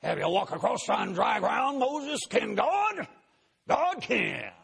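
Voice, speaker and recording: A man putting on a fiery, gravelly-voiced revival preacher who booms rhetorical questions. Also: very animated, takes it slowly, a bit bright, exaggerated voice. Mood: fervent. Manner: booming, call-and-response rhetorical questions.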